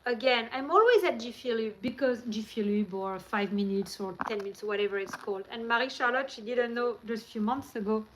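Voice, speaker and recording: A woman's voice: on the high side, a little fast, hardly any pauses, slight background noise, poor audio. A woman from France with a French accent, hosting a live stream and telling rambling, chatty stories into her handheld phone. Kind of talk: casual live-stream chat.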